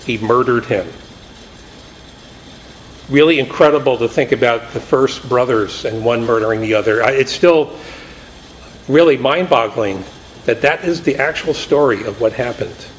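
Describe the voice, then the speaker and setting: A man's voice: medium pitch, normal speed, long pauses, a little hiss or hum, low-quality recording. A man preaching a Bible study sermon in a conversational way, paraphrasing scripture and acting out the quotes with energy.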